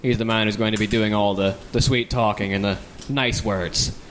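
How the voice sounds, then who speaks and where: A man introducing his tabletop character in a measured, fairly fluent way with a few fillers. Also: fairly low pitch, fairly even intonation, fairly bright tone, a little hiss or hum. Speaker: tabletop game player.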